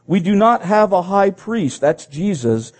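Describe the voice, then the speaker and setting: A man's voice: high-pitched, big pitch swings, a little slow. A man preaching a sermon. He reads scripture aloud and breaks in with his own comments, repeating phrases as he goes.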